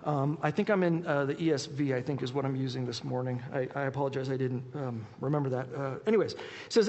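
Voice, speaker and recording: A high-voiced male pastor preaches quickly and with animation, reading scripture aloud and often restarting his sentences. His voice rings through a reverberant church hall. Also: steady tone, dull audio. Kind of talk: sermon with Bible reading.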